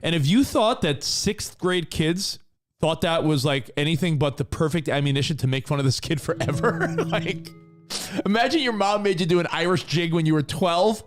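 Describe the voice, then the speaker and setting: A man co-hosting a podcast, telling stories in casual, animated banter. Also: on the high side, normal speed, faint music behind. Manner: animated storyteller. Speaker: co-host.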